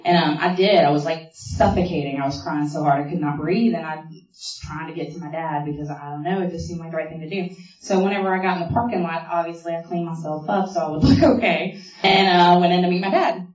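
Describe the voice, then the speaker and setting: A woman's voice: deep voice, fairly even intonation, fast talker, darkish tone. A woman shares her personal story as a testimony at a meeting. She talks in a storytelling way with lots of fillers and mimics the people in it. She is heard from a distance in a reverberant hall, and the sound is muffled. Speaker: speaker sharing a recovery story. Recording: echoey hall from far off, dull.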